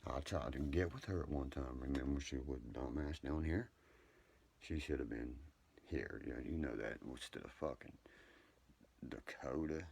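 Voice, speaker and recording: A man's voice: rumbling low, moderate pace, gravelly, darkish tone, husky. A man rambling at night on a live stream, profane, boastful and heated. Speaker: livestreamer talking to viewers. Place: indoors at home, late at night.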